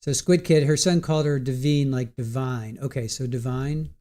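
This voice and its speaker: A man hosting a live stream chats loosely with his viewers. He talks straight to the chat, trails off, and starts his sentences over. His voice is mellow and rather dark, at an ordinary male pitch. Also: steady tone, normal speed. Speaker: livestream host. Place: home setup at a computer.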